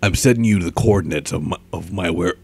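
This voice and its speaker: A gruff, growling caped crusader with clipped, menacing lines, as a young man puts him on. The voice sits low and a bit strained from an overworked throat. It comes through a close microphone with a pop filter. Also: brisk, a little mellow.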